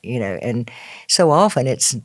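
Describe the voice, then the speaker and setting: A man's voice: mid-range voice, sing-song, a little slow, no room sound, clean studio sound. A man hosting a podcast who talks casually, laughing often and restarting his sentences. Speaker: podcast host. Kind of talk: casual conversation.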